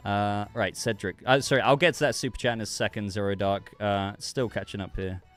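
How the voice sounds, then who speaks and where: A fairly low, steady voice with a bit of brightness comes from this livestream host, who talks a little fast over faint background music. He rambles and chats, interrupting himself while reading viewer messages, congested and coughing.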